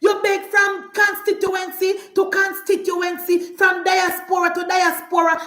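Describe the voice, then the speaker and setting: A woman's voice: extremely high pitch, little pitch movement, measured pace, few pauses, roomy sound. Fiery Jamaican woman, scolding rant. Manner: fiery, scolding, often shouting, repetitive. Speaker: political commentator. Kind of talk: live-stream political rant.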